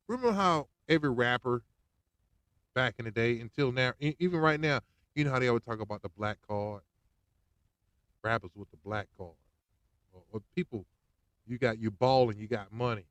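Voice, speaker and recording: A man hosting a podcast, ranting casually in slang and swinging between loud outbursts and hushed asides. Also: medium pitch, no echo. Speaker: podcast host. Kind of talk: casual political rant.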